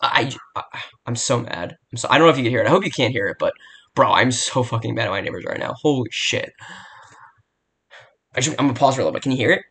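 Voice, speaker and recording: A man's voice: mid-range voice, expressive, quick pace, creaky, pushed and bright, husky. Young male solo podcaster, blunt and profane, rambling home recording. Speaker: podcast host. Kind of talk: casual solo sports betting podcast. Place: home room near a barking dog.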